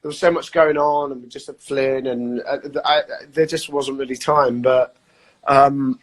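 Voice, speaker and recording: A man's voice: medium pitch, fairly even intonation, moderate pace, rough recording. A man and actor, chatting casually and rambling on a live video call, often restarting his sentences. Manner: rambling, self-interrupting, chatty. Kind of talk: casual chat.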